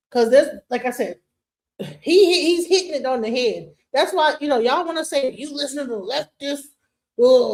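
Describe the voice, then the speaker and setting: A woman co-hosting a livestream, talking bluntly and emphatically in casual slang. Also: high voice. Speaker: livestream co-host. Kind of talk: casual heated chat.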